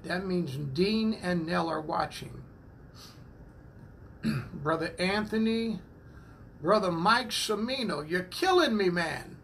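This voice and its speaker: A high-voiced man with a gravelly edge welcomes viewers of a church livestream, taking his time between names. He fills the gaps with amen and praise the Lord, talking casually into a phone, with faint noise behind him. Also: fairly bright tone. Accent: New England. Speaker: church minister greeting online viewers. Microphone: phone propped up.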